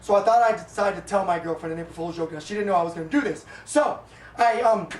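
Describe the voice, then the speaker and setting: A man's voice: high voice, fast, a little hiss or hum. A young man who is a comedian, telling stories in a casual, rambling and blunt way, with crude words and frequent check-ins. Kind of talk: casual comic storytelling. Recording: roomy echo, mic at a distance, faint ambience.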